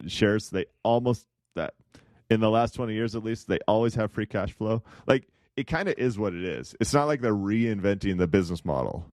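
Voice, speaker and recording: Podcast co-host, male, low voice, dry close sound, rambling contrarian chat. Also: darkish tone, no echo. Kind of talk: casual investing chat.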